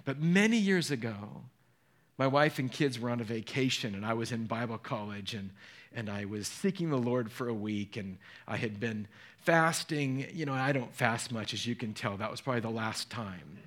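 A man pastor preaching a sermon, telling a personal story in an earnest, emotional way and dropping to hushed tones. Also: medium pitch, moderate pace. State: choked up.

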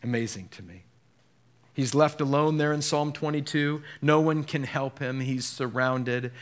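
A man's voice: medium pitch, measured pace. Earnest man preaching a sermon. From Southern California. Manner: earnest, building to impassioned peaks. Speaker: pastor.

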